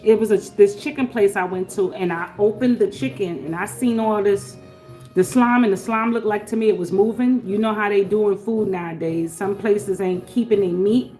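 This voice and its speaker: Chatty woman with a faint music bed. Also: medium pitch. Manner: blessing, chatty, swings between soft murmurs and loud laughing outbursts. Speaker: livestream host. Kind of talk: casual live-stream chat.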